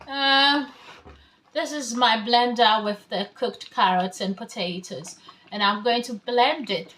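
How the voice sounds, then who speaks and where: A woman's voice: on the high side, a bit bright. A woman from Ghana giving a casual cooking demonstration in her home kitchen, chatting through each step as she works. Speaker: home cook.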